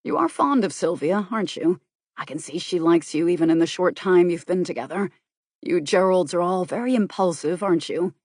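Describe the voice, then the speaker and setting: A woman's voice: fairly low pitch, animated, a little fast, a little mellow, no room sound. A woman reading as a grave, worried man.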